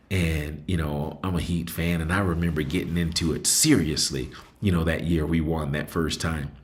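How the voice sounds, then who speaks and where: A middle-aged man hosting a solo talk show, reflecting in a rambling, conversational way with many fillers. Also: extremely low pitch. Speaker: host.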